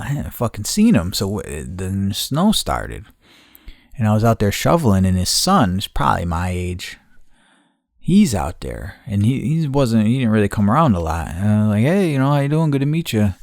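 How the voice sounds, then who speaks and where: A man's voice: lowish voice, creaky, no echo, studio quality. A middle-aged man telling a rambling story in casual chat, swearing a lot and restarting his sentences. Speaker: podcast host.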